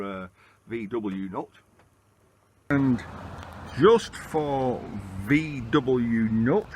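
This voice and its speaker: A man's voice: medium pitch, a little hiss or hum. A man from Lancashire with a Lancashire accent, telling a rambling travel-vlog story on a town street and in a pub, with plenty of "uh"s along the way. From Lancashire, England. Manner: chatty, rambling storyteller with frequent "uh"s. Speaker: travel vlogger. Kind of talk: casual walking vlog narration. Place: outdoors on a town street, then inside a pub.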